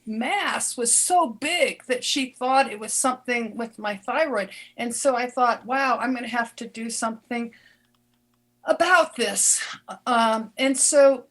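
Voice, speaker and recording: An older woman and former doctor telling a personal story in an interview, earnest and halting, often restarting her words. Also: a little high, a bit bright.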